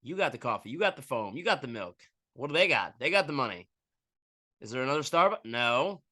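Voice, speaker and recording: A man hosting a podcast with a crude, animated comedic ramble, acting out little scenes as he goes. His voice is bright and forward. It is recorded close and dry, with no room sound. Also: medium pitch, fairly quick, dry recording. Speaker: podcast host. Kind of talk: casual comedic monologue.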